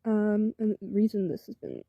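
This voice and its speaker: A woman's voice: medium pitch, wildly swooping pitch, normal speed, gravelly, muffled recording, exaggerated voice. A woman playing a young man vlogging in a rambling, hesitant way, with many ums. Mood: weary. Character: young vlogger who calls himself "your boy", a male figure. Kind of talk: vlog-style monologue. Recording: roomy echo from a distant mic.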